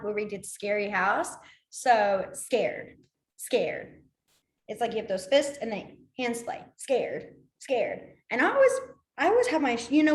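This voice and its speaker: Playful woman teacher in an echoey room. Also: fairly high pitch. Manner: playful, acts out each emotion with her voice. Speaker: sign language teacher. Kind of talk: beginner class instruction. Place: library meeting room.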